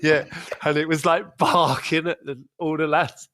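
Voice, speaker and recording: A man's voice: fairly high pitch, steady tone, a little slow, fairly bright tone. A man casually telling a funny story on a podcast, laughing often and repeating words as he goes. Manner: laughs through his stories, repeats words, acts out quotes. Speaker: podcast host, former footballer.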